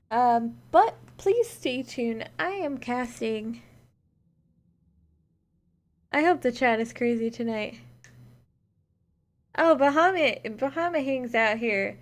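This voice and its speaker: Woman, esports caster, live stream chat, unhurried, slightly high voice. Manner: chatty, reads out chat and thanks viewers. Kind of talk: solo live-stream casting between games.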